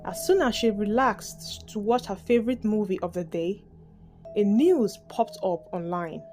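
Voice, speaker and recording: A woman narrating a dramatic story in a steady, scripted storytelling style. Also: mid-range voice, unhurried. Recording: background music.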